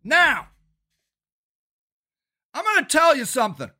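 An angry older man from Ohio, a city council candidate and activist, delivers a shouting, profane monologue rant. His voice is high and sharp, with big pitch swings and a slow pace, and he sounds agitated.

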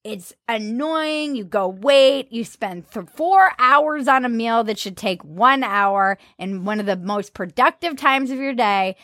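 Sarcastic woman podcast co-host, slightly high, animated comic delivery, dry close mic. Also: a little slow, few pauses, no echo. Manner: sarcastic, animated, slips into silly voices for jokes. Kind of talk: casual comedic chat.

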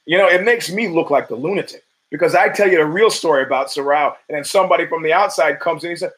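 A man's voice: on the high side, fast talker, hardly any pauses, fairly bright tone, low-quality recording. A man hosting his own podcast, talking in a casual, profane and rambling monologue with emphatic bursts. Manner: profane, rambling storytelling with frequent restarts. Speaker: podcast host.

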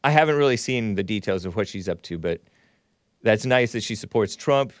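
A man's voice: on the low side, lively intonation, a little fast, no echo, clean studio sound. A man from Southern California hosting a talk show, reading viewer messages aloud with wry, sardonic asides.

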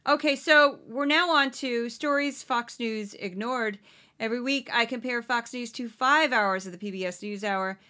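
A woman's voice: fairly high pitch, pushed and bright. A woman hosting a podcast, giving sarcastic, exasperated satirical news commentary. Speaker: podcast host.

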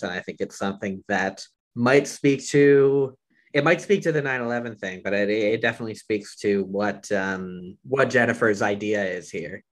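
A man co-hosting a casual film discussion, calmly recapping scenes with frequent fillers. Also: fairly low pitch. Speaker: podcast co-host discussing a film. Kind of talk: casual chat.

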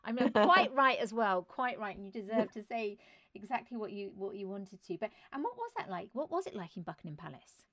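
Woman, podcast host, encouraging interviewer, mid-pitched voice, dry sound. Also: animated, a little fast, no echo. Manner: warm encouraging interviewer with frequent affirmations. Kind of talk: conversational interview.

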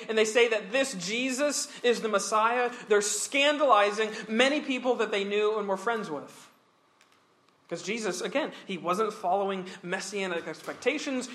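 High, bright-voiced man teaching scripture. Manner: earnest, emphatic, with restarts and soft laughs. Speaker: pastor. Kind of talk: Bible teaching sermon.

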